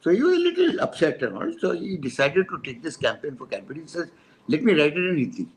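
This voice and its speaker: An older Indian man tells an animated story at a public talk, switching voices for each character. His voice sits a bit high, and faint noise hums behind him. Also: fast talker, low-quality recording. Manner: animated storyteller, acts out dialogue, mixes in Hindi. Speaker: advertising speaker.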